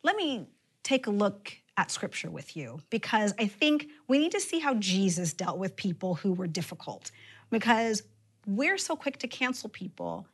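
Expressive woman preaching a sermon. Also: fairly high pitch, slightly rough. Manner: expressive, drops to a near-whisper for emphasis. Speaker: pastor.

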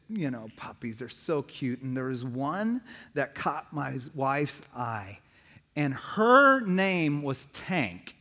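A man's voice: sits high, fairly bright tone, in a large hall. A man in his thirties, a pastor, preaching a sermon full of humorous stories. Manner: humorous storytelling.

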